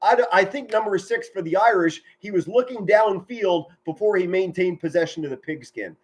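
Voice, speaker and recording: A man doing energetic home-made play-by-play commentary on a football game, chatty with folksy asides. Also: high-pitched, normal speed. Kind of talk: live-streamed play-by-play commentary. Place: home, indoors.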